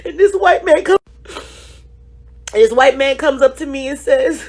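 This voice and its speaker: Tearful high-voiced woman. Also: unhurried, pauses often, a little mellow. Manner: pleading, repeats "y'all". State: tearful, crying. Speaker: state representative. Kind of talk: emotional phone video testimony.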